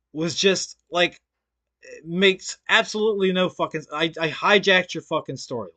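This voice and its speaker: Bright-voiced sarcastic male streamer. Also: fairly high pitch. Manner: sarcastic, mocking, profane. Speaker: stream co-host. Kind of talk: casual stream commentary.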